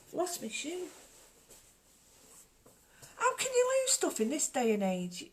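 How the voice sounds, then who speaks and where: A woman's voice: sits high, huge pitch swings, measured pace, pauses often, background noise. A woman hosting a casual home livestream, rambling chattily and greeting viewers by name. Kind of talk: casual live chat.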